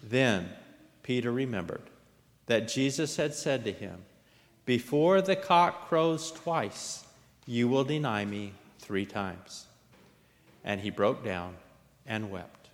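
A man delivers a liturgical scripture reading dramatically, lifting and raising his voice for the quoted lines. His voice is fairly low and slow, carried by a long hall reverb.

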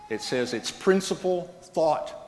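A man's voice: on the high side, lively intonation, takes it slowly, a little mellow, soft background music. A man, a pastor, preaching a sermon in a plain, conversational storytelling manner. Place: church sanctuary. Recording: echoey reverberant church hall.

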